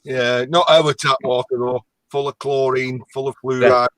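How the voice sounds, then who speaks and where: A man's voice: mid-range voice, level tone, moderate pace, fairly bright tone, dry recording, low-quality recording. A chatty man with a thick Lancashire accent, joking around in a casual live-stream conversation. His voice sits in a middling register and sounds dry and close to the microphone. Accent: Lancashire English. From North of England, Lancashire. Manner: chatty, teasing, self-described strong accent. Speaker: guest on a live chat stream. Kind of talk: casual chat. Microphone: on camera, close.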